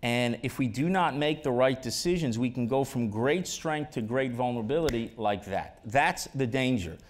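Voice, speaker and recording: A man in an onstage conversation, pressing his points with emphatic conviction and slipping in wry jokes. His pitch sits in an ordinary middle range for a man. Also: expressive, moderate pace. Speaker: ambassador, interview guest. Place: auditorium stage.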